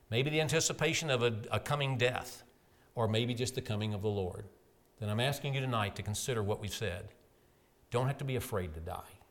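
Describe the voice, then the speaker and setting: A middle-aged man preaching a sermon with earnest emphasis, rising to loud peaks and dropping to soft, quiet endings. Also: on the low side.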